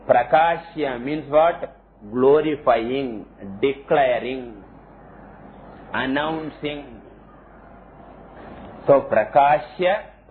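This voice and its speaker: A man giving a scriptural lecture, explaining slowly and chanting Sanskrit terms. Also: a little high. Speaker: teacher of scripture. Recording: tinny phone-like lo-fi audio, faint hiss.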